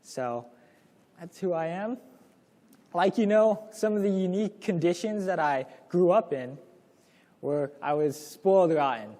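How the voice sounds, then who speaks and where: A man's voice: high voice, unhurried, dark tone, long reverb tail. A young man presenting a parenting lesson to a class in a casual, storytelling way, acting out the lines he quotes. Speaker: course presenter.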